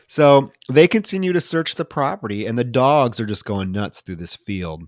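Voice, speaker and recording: A man's voice: medium pitch, normal speed, few pauses, no echo, clean studio sound. A man co-hosting a film podcast, casually recapping the plot and acting out the characters' lines. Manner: animated retelling with loud shouted quotes of film lines. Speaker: podcast co-host. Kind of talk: casual film-review chat.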